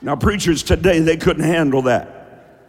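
Shouting preacher in an echoey hall. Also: male voice, a little high, unhurried. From rural American South. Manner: emphatic, often shouting, folksy asides. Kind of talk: sermon. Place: church.

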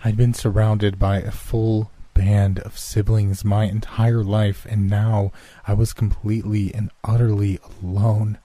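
A man with a low, husky voice narrates a horror story in a measured, hushed way. His tone is dark and mellow, recorded dry and close, with no room sound around it. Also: little pitch movement, no room sound.

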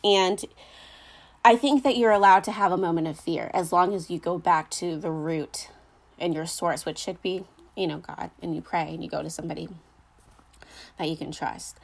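A woman's voice: on the low side, normal speed, vocal fry. A young adult woman talking about her faith in a casual, heartfelt monologue, earnest and rambling with lots of filler words. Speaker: Christian speaker sharing faith reflections.

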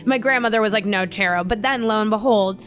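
A woman chatting casually, telling family stories in an animated way, with frequent laughs and swearing. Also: a little high, quick pace, faint music behind. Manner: animated storytelling, swears freely, laughs often. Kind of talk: casual chat.

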